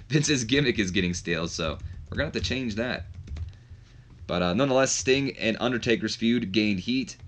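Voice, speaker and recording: A man chatting his way through a wrestling management game, with casual, self-deprecating commentary. His voice is low-pitched yet bright and forceful, and he often restarts his sentences. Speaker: game streamer. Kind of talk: casual let's-play commentary.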